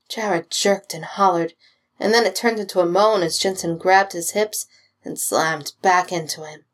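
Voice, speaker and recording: A woman reading fan fiction aloud with steady, expressive storytelling. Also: lowish voice. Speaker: reader.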